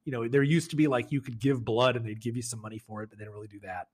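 A man with a husky, slightly breathy voice co-hosts a comedy podcast. He talks at an everyday pitch in a relaxed, easygoing way and laughs often. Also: racing. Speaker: podcast co-host. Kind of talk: casual comedic chat.

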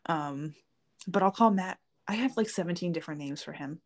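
A woman co-hosts a podcast in a lowish voice, talking a little fast. The chat is casual, and she rambles, leaning on plenty of fillers.

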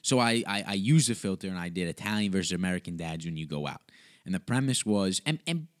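A man's voice: sits low, animated, fast. A young man hosting a podcast, telling a story in a rambling, casual way, with tangents and swearing. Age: young adult. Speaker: podcast host.

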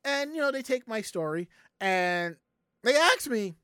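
A streamer from the Southern United States telling a story to chat in a casual, animated, profane way, acting out the people in it. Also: medium pitch, measured pace, clear, resonant tone, dry recording, studio quality.

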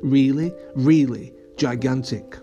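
A man gently narrating a children's audio story. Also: medium pitch, steady tone, takes it slowly, highs cut off, soft background music.

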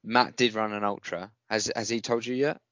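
A rambling, jokey man co-hosting a relaxed chat, his lowish voice coming through dry and a little dull. He talks with an easy lilt. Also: dry recording. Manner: jokey, rambling, quick to laugh. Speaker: podcast co-host. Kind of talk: casual chat. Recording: dry, slightly dull sound.

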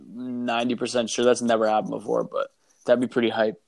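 A young man with a gravelly, fry-edged voice trades crude, sarcastic banter on a podcast and laughs often. The recording is close and dry. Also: mid-range voice, level tone, brisk, a little mellow, no echo. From Canada. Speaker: podcast co-host. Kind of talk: casual chat.

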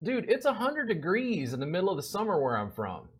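Husky guy from louisiana, voice jumps all over, chatty storyteller who laughs a lot. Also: high voice, fairly quick. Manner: animated storyteller, laughs often. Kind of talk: casual podcast conversation.

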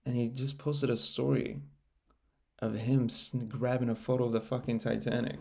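A young man hosting a casual solo podcast, rambling with lots of swearing and frequent laughter, getting loud and animated when he gets worked up. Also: mid-range voice, normal speed, creaky. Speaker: podcast host.

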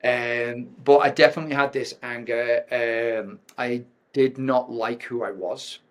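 A man's voice: mid-range voice, steady tone, unhurried. Frank English man telling his story. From England. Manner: frank, with frequent ums and restarts. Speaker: podcast guest, performance coach. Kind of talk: candid personal storytelling.

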